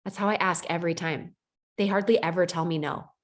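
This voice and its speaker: A woman coaching her team in a lively motivational talk, dropping in lots of "like" and "right?". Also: fairly low pitch, a little fast. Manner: animated, acts out quoted voices, frequent "like" and "right?". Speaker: network marketing team leader.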